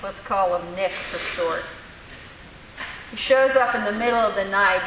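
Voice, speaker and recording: Animated woman preaching in an echoey hall. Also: mid-range voice. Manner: animated storytelling, acting out voices. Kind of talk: sermon. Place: church. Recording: echoey hall with faint hiss.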